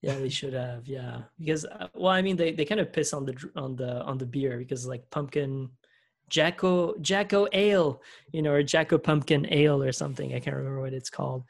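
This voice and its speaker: Rambling gravelly man, laughing podcast co-host. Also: medium pitch, a little fast. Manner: rambling, laughs often, many fillers and restarts. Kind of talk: casual chat.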